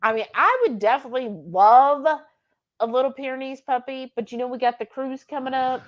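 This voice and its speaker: A woman's voice: high voice, brisk, lo-fi sound. A woman co-hosting a live cooking stream, chatting casually and reading out viewer comments, often acting out her pets in silly voices. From Texas.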